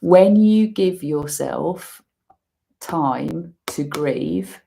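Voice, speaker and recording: A woman giving an intuitive tarot reading, musing slowly and using many fillers as she talks through the cards. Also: low-pitched, vocal fry, warm tone. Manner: slow, musing, full of fillers. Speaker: tarot reader.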